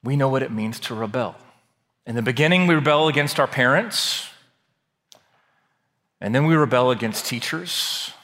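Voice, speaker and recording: A man pastor reading scripture dramatically and then preaching a sermon, slowing down for emphasis. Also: medium pitch, a bit bright. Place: large church sanctuary. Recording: long hall reverb.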